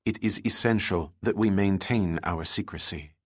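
A man voicing a stern male commando officer with a crisp, clipped Hebrew accent, speaking slowly and with command. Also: low voice, dry recording, clean studio sound.

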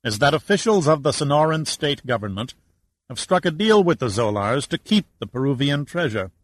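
A deliberate official, as a male narrator plays him, weighing each word. The voice is dry and close. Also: a little high, big pitch swings, no echo, pitched above the performer's own voice.

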